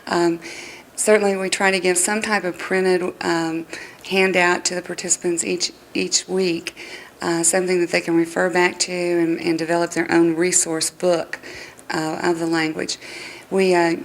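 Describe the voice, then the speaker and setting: A woman language teacher giving an interview, explaining her teaching methods in a measured way. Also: on the low side, little pitch movement, a little hiss or hum, rough recording. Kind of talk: interview answer.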